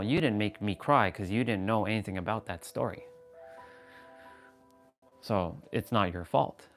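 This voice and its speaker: A man with a low-pitched voice chats casually on a fitness livestream. His self-help talk is frank and full of swearing and restarts. Faint music plays in the background.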